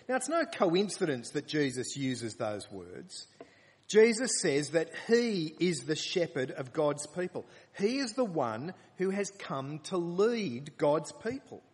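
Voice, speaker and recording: Husky-voiced man preaching in a reverberant hall. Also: a little high. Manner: earnest, rising to emphatic scripture reading. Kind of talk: sermon. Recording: long reverb of a large hall.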